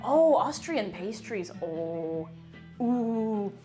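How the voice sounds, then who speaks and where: Chatty Irish woman with a lively voice. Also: mid-range voice, drawn-out words. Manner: chatty, repeats herself, greets chat by name. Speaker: streamer baking live. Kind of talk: casual live-stream chat while baking. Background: faint music played from her phone.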